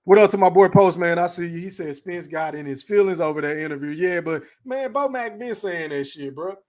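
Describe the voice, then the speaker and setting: A man's voice: high-pitched, brisk, a little mellow. A man hosting a live podcast stream in a laid-back, slangy, profane way, greeting chat names and talking boxing.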